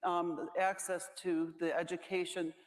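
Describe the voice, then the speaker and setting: A middle-aged woman speaking on a panel, close to tears, stressed and halting, with many restarts. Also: fairly low pitch, level tone. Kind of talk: emotional panel talk. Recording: reverberant hall.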